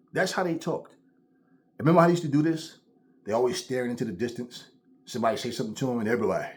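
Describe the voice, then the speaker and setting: A man hosting a commentary vlog, ranting in a blunt, profane, animated way. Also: mid-range voice, fast, a little hiss or hum. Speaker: channel host.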